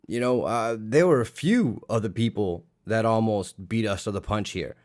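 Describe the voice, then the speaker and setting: A man hosting a casual history podcast, irreverent, jokey and profane. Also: on the low side. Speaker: podcast host.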